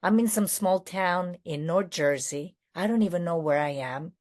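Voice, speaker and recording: A woman's voice: lowish voice, moderate pace, darkish tone. A woman with a non-American accent, raised in New York City, giving a candid personal share at a recovery meeting, rambling and correcting herself with many fillers.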